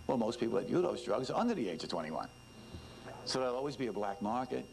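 A man's voice: medium pitch, very animated, fast, creaky, poor audio. A man, a former detective giving an informal talk to students, emphatic and repetitive, with many "you know"s. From New York. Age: 70s.

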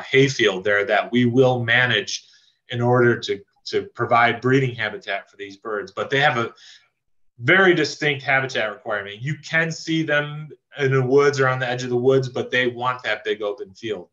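A man from a land trust giving a casual online talk on birding, relaxed and enthusiastic, with many fillers and restarts. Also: medium pitch. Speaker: land trust staff member teaching birding. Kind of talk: casual virtual presentation. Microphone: video call microphone. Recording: slightly dull lo-fi video call audio.

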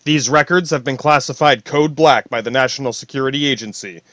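An actor playing a cold official man who makes a formal announcement in a flat, measured way. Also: medium pitch, no room sound, studio quality, lightly acted.

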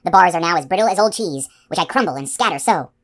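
Woman reading as a tall male magician, storybook, proud, theatrical, low voice. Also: animated, fast. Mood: rueful. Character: lanky, earnest male magician, proud yet unsure.

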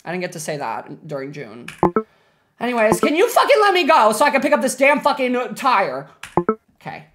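A woman streaming a game live, reacting loudly and dramatically with shrieks and swearing while chatting with viewers and thanking subscribers. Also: a little high, wildly swooping pitch, normal speed, soft background music.

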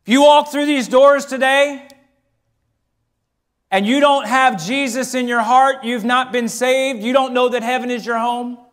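A middle-aged pastor delivers a sermon in a church, his voice sitting high for a man. He pushes up into emphatic, ringing phrases, then drops into quieter, intimate storytelling. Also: fairly even intonation, unhurried. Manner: preaching with emphatic rises and hushed storytelling.

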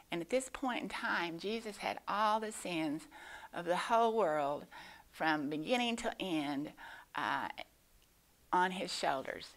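Low-voiced woman teaching children. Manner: gentle, explanatory, many pauses and fillers. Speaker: Sunday school teacher. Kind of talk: children's Bible lesson. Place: church.

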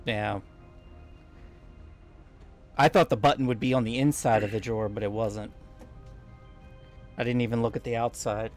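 A man's voice: medium pitch, fairly even intonation, moderate pace, long pauses, soft background music. A man playing a co-op game, explaining puzzles in a teasing, bossy way over voice chat. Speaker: gamer playing co-op. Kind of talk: casual gameplay chat.

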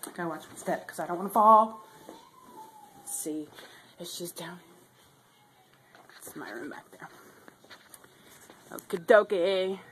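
A woman's voice: on the low side, slow, long pauses, fairly bright tone, slight background noise. A young woman vlogging casually at home on a handheld camera, chatty, giggly and rambling. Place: house, indoors.

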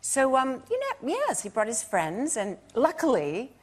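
Woman from liverpool, lively, husky, talk-show guest. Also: sits high, unhurried. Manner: animated, storytelling. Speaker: actress guest. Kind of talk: chat-show anecdote.

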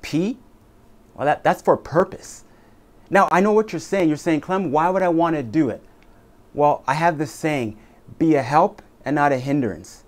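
A man giving an emphatic, dramatic motivational speech that leans on repeated lines. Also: mid-range voice. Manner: dramatic, repetitive, emphatic delivery. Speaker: motivational speaker.

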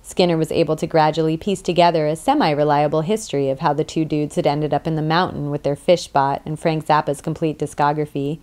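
Low-voiced woman narrating an audiobook. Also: darkish tone, smooth. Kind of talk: scripted narration.

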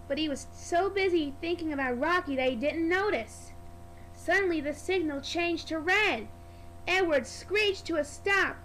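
High-voiced woman reading a storybook slowly. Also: a bit bright, slight background noise, low-quality recording. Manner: slow, careful read-aloud. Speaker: storybook narrator.

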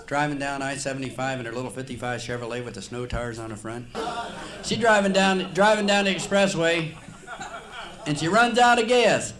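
A man from the Cincinnati area doing live stand-up in a nightclub, folksy and ribbing the crowd. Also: mid-range voice. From Cincinnati, Ohio area. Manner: folksy, ribbing the audience, laughing at his own jokes. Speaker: stand-up comedian. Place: nightclub stage.

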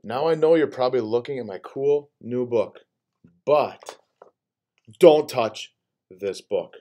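A man voicing a bossy, playful male character from a picture book, reading it aloud in an excitable, animated way. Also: mid-range voice, moderate pace, close to an everyday voice.

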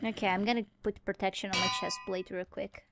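A woman's voice: medium pitch, flat delivery, brisk, music in the background. A woman giving rambling, playful let's-play commentary as she plays alone, talking to herself and to the animals she meets. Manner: rambling, playful self-talk. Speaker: gamer playing solo.

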